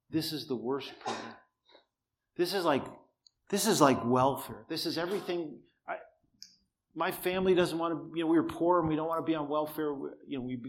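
A man preaching, telling a personal story in an easy, conversational way with dry humor; he says he cannot raise his voice. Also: medium pitch. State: cannot shout, voice strained.

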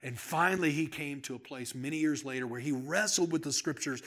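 A man preaching a sermon as a pastor, telling stories, dropping to a hush and then building to shouts. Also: fairly high pitch, fairly quick, hardly any pauses. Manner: storytelling, swings from hushed to shouting.

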